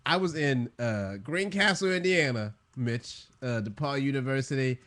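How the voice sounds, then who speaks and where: A man's voice: mid-range voice, lively intonation, normal speed, a bit bright. A young man co-hosting a podcast, a loose and slangy storyteller who laughs often. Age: young adult. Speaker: podcast co-host. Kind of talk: casual chat.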